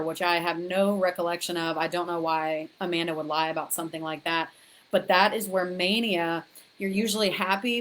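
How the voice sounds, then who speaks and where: A woman's voice: on the low side, a bit bright, slight background noise. A woman frankly recounting her own experiences to viewers in a chatty, direct way, often restarting and repeating words as she talks. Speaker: author sharing her story. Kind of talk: candid personal storytelling to camera.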